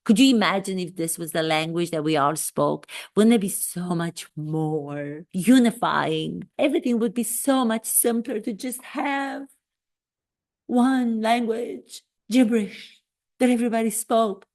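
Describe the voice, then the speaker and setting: A vain royal duchess who used to act chatters on in a breezy, self-absorbed ramble, put on by a woman as a comic impression. Her voice sits at a middling pitch. She drops famous names freely. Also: measured pace, darkish tone, natural voice. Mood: musing. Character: vain, gushing royal duchess and former actress, adult woman.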